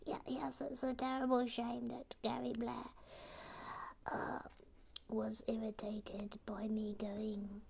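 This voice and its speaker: Brief: a woman playing a slow, gravelly little sidekick with halting, monotone replies and a dark tone. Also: on the high side, voice pushed up, full character voice. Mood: deadpan.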